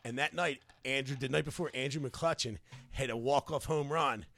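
A man, a comedian co-hosting a podcast, telling a story in a loud, profane, animated way and laughing hard. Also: mid-range voice, normal speed, creaky.

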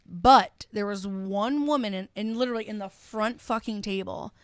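A woman comedian hosting a podcast, chatting casually in a blunt, profane way and quick to take sides. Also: mid-range voice, dry recording, clean studio sound. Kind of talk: casual chat.

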